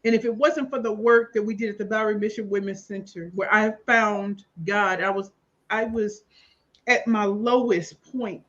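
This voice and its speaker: A woman's voice: mid-range voice, normal speed. Emphatic woman telling her story. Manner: emphatic, expressive, bursts of loud emphasis. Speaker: talk show guest. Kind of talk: candid personal storytelling. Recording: slightly dull lo-fi audio.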